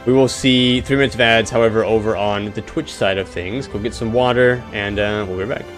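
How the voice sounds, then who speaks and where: A man's voice: fairly low pitch, steady tone, brisk, faint music behind. A man streaming a video game, chatting and joking casually with his viewers. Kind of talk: casual gameplay commentary.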